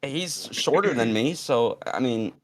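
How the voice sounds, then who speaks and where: A man's voice: medium pitch, expressive, a little slow, crowd noise. A young man casually telling a long story on a podcast, rambling with fillers and restarts and acting out the quoted lines. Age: young adult.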